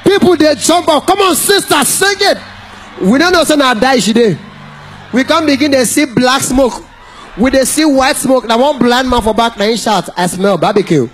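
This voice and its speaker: A man with a Nigerian accent doing stand-up comedy, animated and breaking into song and mock shouting. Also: very high voice, normal speed, slight background noise.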